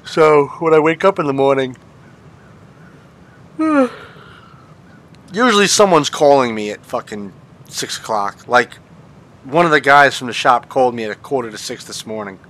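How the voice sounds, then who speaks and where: A man's voice: mid-range voice, expressive, moderate pace, long pauses, a bit bright. A man streaming a game from home, chatting casually and swearing freely. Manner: laid-back, swears freely. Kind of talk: casual live-stream chat.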